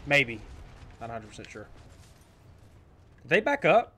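A man's voice: medium pitch, huge pitch swings, a little slow, sharp tone, a little hiss or hum. A man giving casual, jokey commentary over his own gameplay, talking to his viewers, repeating phrases and swearing when things go wrong. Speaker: gameplay streamer.

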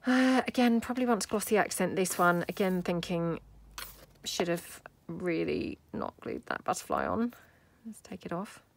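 Very animated yet moderately paced, a British woman with a lowish, vocal-fry voice hosts a crafting tutorial. She chats away at the craft table, working things out aloud with soft side remarks.

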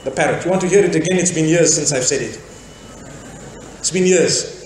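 Animated high-voiced male preacher, echoey hall. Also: brisk, slight background noise. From Zimbabwe. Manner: animated storytelling with rhetorical questions. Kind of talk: sermon lecture.

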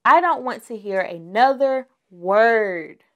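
A woman's voice: on the high side, lively intonation, slow, dull audio. A woman voicing a stern but loving mother bear who scolds her cubs firmly. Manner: firm, scolding.

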